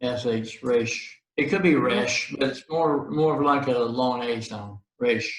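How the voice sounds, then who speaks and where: A man patiently teaching Hebrew letters one by one, sounding them out slowly and repeating them. His voice sits at a middle pitch and carries a roomy echo from the space around him. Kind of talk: one-on-one language tutoring.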